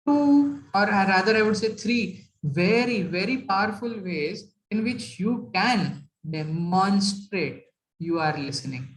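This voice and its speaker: A woman's voice: medium pitch, expressive, slow. A woman giving a talk on workplace etiquette, emphatic and asking the audience rhetorical questions. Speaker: corporate etiquette speaker. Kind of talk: motivational talk. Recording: roomy hall echo.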